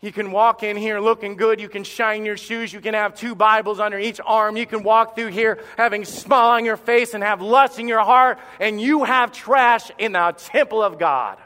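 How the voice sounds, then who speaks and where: Male pastor mid-sermon, bright and forceful delivery, dramatic pauses, reverberant sanctuary. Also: high-pitched, fairly even intonation. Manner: impassioned, emphatic preaching with dramatic pauses. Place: church sanctuary. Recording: long reverb of a church hall.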